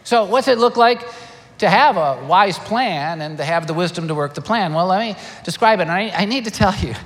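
An older man preaching a sermon, animated and emphatic, firing rhetorical questions. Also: high voice, moderate pace. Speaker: pastor. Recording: long hall reverb.

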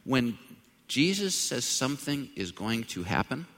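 Male pastor, mid-range voice, conversational sermon that climbs to loud emphasis, big reverberant church hall. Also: very animated, measured pace, slight background noise. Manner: conversational preaching that swells into loud, high-pitched emphasis. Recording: long reverb of a large hall.

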